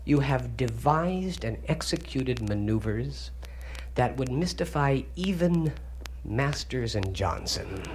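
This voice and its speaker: A man in his thirties from Canada does stand-up, spinning wry stories with a voice that swoops high and low. His punchlines burst out loud after quieter stretches. The live recording carries a steady, noticeable hiss underneath. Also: takes it slowly. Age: 30s. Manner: wry, animated storytelling with sudden loud punchlines. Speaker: stand-up comedian. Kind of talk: stand-up comedy monologue. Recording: noisy live comedy recording.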